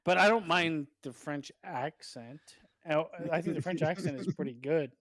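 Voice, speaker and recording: A man chatting casually over a video game session, opinionated and quick to laugh, swearing freely. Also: a little high, a bit bright. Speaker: co-host, gamer. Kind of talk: casual banter over gameplay.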